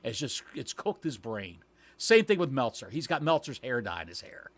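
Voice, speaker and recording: A man's voice: medium pitch, sing-song, normal speed, no echo. A man co-hosting a wrestling podcast, cracking sarcastic, mocking jokes. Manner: sarcastic, mocking, joking interjections. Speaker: podcast co-host. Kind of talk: casual wrestling talk.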